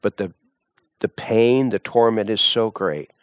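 A man preaching a sermon, slow and deliberate, reading scripture and rising into impassioned appeals. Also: on the low side, no room sound, studio quality.

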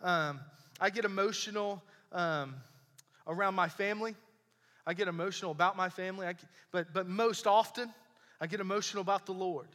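Bright-voiced pastor preaching. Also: male voice, high-pitched, brisk, long reverb tail. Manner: conversational, emphatic preaching with repetitions. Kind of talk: sermon. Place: church sanctuary.

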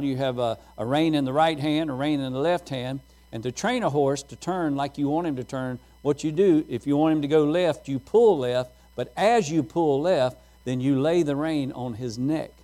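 A man's voice: fairly high pitch, warm tone. A middle-aged man preaching a sermon, telling folksy stories and laughing at his own jokes.

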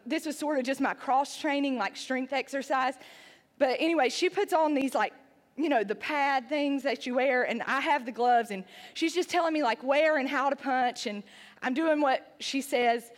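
A woman's voice: high voice, big-room sound. A woman telling a self-deprecating personal story to a live audience in a chatty way, full of "like" fillers. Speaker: speaker.

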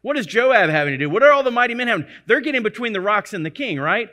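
A man's voice: very high voice, very animated, quick pace, few pauses, sharp tone. A male pastor preaching a sermon, earnest and emphatic, repeating phrases to press his point.

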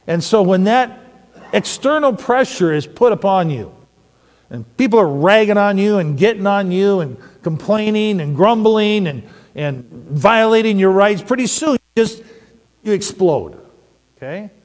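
A middle-aged man preaching a sermon, telling stories and asking the audience questions in an animated way. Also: sits high, unhurried. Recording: long hall reverb.

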